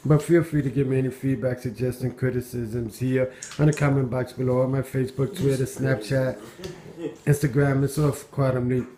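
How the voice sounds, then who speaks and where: A man's voice: mid-range voice, flat delivery, moderate pace, mellow. A man at home, filming his dog on a handheld camera and giving amused running commentary with frequent exclamations and chuckles. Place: at home indoors.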